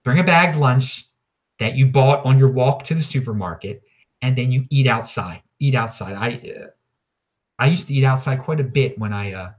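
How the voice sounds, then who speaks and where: A man hosting his own show, talking in a rambling, opinionated solo monologue full of restarts and repeated words. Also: medium pitch. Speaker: podcast host.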